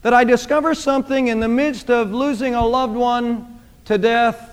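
A man's voice: very high-pitched, steady tone, moderate pace, smooth. A man preaching a sermon, speaking emphatically and repeating phrases for emphasis. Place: church sanctuary. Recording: long church reverb.

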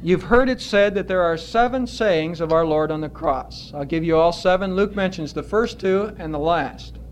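A man preaching a sermon as pastor, earnest and emphatic, stretching out his words with pauses. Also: sits high, slight background noise.

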